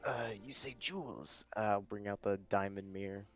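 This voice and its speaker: A man's voice: on the low side, moderate pace, soft background music. A man playing a tabletop game who speaks as his character, haggling over prices. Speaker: player.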